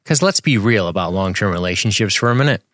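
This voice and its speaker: A man's voice: lowish voice, lively intonation, fast, fairly bright tone, no echo, clean studio sound. A young adult man co-hosting a podcast, joking crudely and rambling in casual banter. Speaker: podcast co-host.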